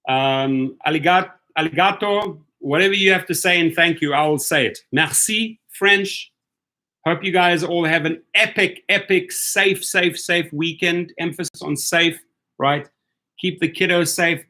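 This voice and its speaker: A man's voice: a little high, a bit bright. A man hosting a casual live stream for drivers, upbeat and chatty, greeting viewers by name.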